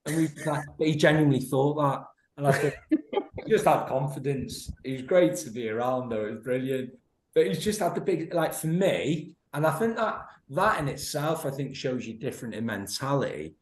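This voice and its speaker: A man's voice: mid-range voice, expressive, moderate pace. A man in his thirties, a former footballer, telling stories as a podcast guest, laughing often and acting out quotes. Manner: laughing storyteller, many restarts, acts out quotes. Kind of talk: anecdotal podcast chat. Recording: roomy echo.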